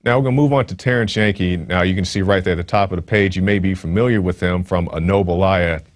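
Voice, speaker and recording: A man's voice: deep voice, fast. A man hosting a show, reading news stories aloud and commenting on them in a casual, conversational way. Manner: casual, conversational, with frequent fillers. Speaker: host.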